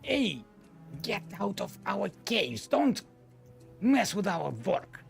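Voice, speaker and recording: A performer voicing a suspicious female cave creature in a tabletop game, talking in a gruff, distrustful way. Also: medium pitch, sing-song, slow pace, faint music behind, exaggerated voice. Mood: hostile.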